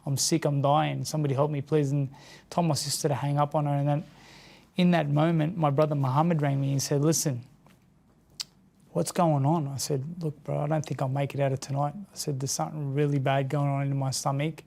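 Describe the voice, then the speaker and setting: Halting Australian man with gravelly voice. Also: fairly high pitch, flat delivery, a little mellow. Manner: halting, repeats words and restarts, earnest. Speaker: interview guest. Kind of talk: emotional personal account in an interview.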